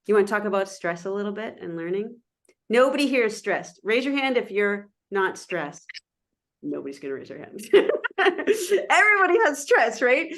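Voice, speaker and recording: A middle-aged woman giving a lively, interactive online lecture over a video call, often checking in with her listeners. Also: medium pitch, vocal fry. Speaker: guest presenter.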